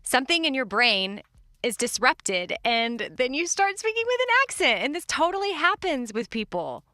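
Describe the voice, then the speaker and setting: A woman co-hosting a radio morning show, chatty and quick to laugh in casual banter. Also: high voice, big pitch swings, bright, forceful tone, dry recording, studio quality.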